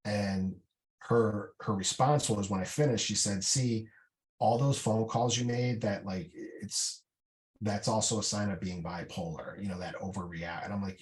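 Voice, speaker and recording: Man, middle-aged, low-pitched, candid storyteller, casual podcast chat, fillers and restarts. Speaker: podcast guest, military veteran. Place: indoor podcast room.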